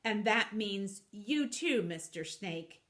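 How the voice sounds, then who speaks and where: A woman's voice: mid-range voice, lively intonation, slow pace, fairly bright tone. A woman voicing a cheerful, big-hearted male wolf who leads his gang, gushing with enthusiasm. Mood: proud.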